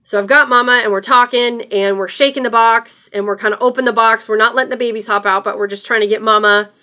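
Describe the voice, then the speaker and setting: Woman host telling a story, kinda high, punchy bright voice, swears a lot, super animated. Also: fast, muffled recording. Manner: animated, blunt, swears freely. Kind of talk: casual storytelling.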